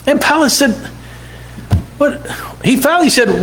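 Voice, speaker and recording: A man's voice: very high-pitched, huge pitch swings, moderate pace, fairly bright tone, a little hiss or hum, low-quality recording. A man preaching a sermon in church, dramatically acting out the people in the scripture stories. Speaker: pastor.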